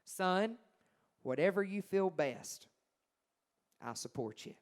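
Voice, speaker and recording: A man's voice: sits high, lively intonation, slow pace. A man, quoting his mother as a firm, loving woman who shifts between blunt teasing and tenderness. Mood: tender.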